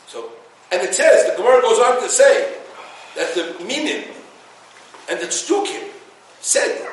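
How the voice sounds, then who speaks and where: Storyteller teacher, male, bright high voice, acts out quotes, heavy room echo. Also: a little slow, long pauses. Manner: animated storyteller, acts out quotes, laughs at his own jokes. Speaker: Torah teacher. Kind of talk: informal Torah talk with stories. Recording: echoey room, distant mic, faint noise.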